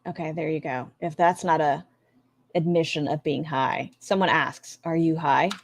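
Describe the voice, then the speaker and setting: A woman's voice: low-pitched, steady tone, moderate pace, vocal fry. A woman streaming a reaction, making wry, sarcastic comments to her chat.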